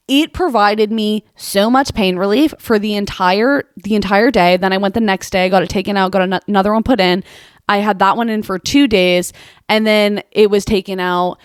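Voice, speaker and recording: A young woman talks through a casual monologue on her podcast, chatty and self-mocking, with "like" all through her lines. Her voice sits at an ordinary middle pitch. The sound is dry and close, with no room around it. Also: smooth, no echo. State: sore mouth after dental surgery. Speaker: podcast host.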